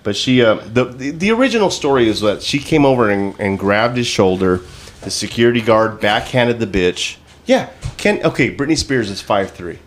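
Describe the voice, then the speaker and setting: A man's voice: fairly low pitch, expressive, moderate pace. A man co-hosting a comedy podcast, swearing a lot and rambling with false starts. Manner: profane, rambling with restarts. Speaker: podcast co-host. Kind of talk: casual chat.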